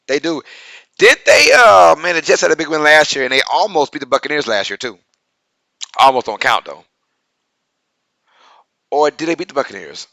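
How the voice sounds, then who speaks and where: A young man with a Southern twang talks through a live sports stream in a loose, chatty way, full of fillers, and hypes up his viewers. His voice sits a touch high and rings bright. The sound is close and dry, with no room in it. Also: animated, moderate pace, creaky, pauses often, no room sound. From Louisiana. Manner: chatty, filler-heavy, hypes up viewers, reads chat aloud. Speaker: sports podcast co-host.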